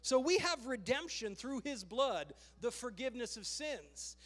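A man preaching with a notably high voice, fervent and urgent, often calling out to urge his listeners on. His sermon rings through a large hall with a long, trailing reverb. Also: big pitch swings, measured pace, a bit bright. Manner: fervent, calls "come on" to the congregation. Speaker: pastor.

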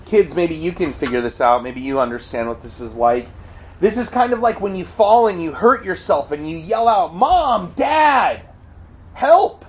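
A man preaching a sermon, earnest, often crying out quoted pleas loudly. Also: on the high side, moderate pace, a little hiss or hum, poor audio. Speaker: pastor.

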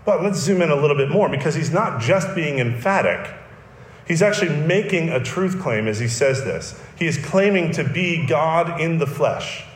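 A man's voice: fairly high pitch, expressive, moderate pace, echoey room. A man preaching a sermon, explaining a text in an earnest teaching manner with emphatic repetition. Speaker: pastor.

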